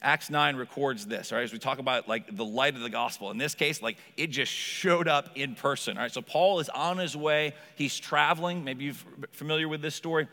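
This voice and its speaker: A man's voice: mid-range voice, pushed and bright, big-room sound. A male pastor preaching a sermon in a conversational way, with frequent asides to the congregation, in a church. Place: church sanctuary.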